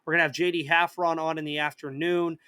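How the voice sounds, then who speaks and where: A man's voice: a little high, flat delivery, quick pace, bright, forceful tone, smooth, no echo. A man hosting a live sports podcast in casual chat, reading out viewer comments and answering them, with a slight cough. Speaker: podcast host.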